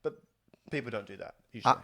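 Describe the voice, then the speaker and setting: A man's voice: mid-range voice, fast talker, pushed and bright. A man, a guest on a podcast, speaking in easygoing casual chat. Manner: easygoing, laughs readily, earnest about emotions.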